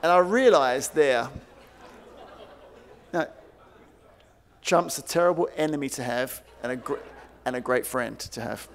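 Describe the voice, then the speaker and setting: A man giving a conference keynote, telling stories in an animated way and acting out quoted voices. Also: medium pitch, a little slow, pauses often. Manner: animated, acts out quoted voices, many fillers. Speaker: keynote speaker. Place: large conference hall. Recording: long hall reverb.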